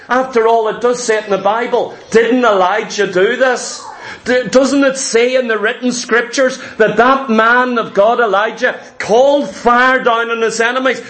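Man, preacher, sermon, very high voice, bright tone, acts out voices. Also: moderate pace. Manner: animated storytelling, acting out voices of disciples.

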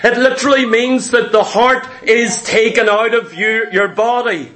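High-voiced fervent male preacher. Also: moderate pace, pushed and bright. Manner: fervent, repetitive, addresses congregation as saints. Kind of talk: sermon.

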